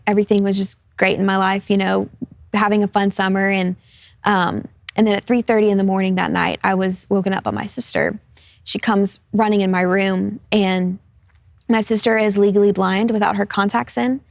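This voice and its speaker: Young woman with a light vocal fry. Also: medium pitch, no echo. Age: 20s. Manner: earnest, open, laughs easily in light moments. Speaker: guest. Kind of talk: personal testimony on a talk show. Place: television studio.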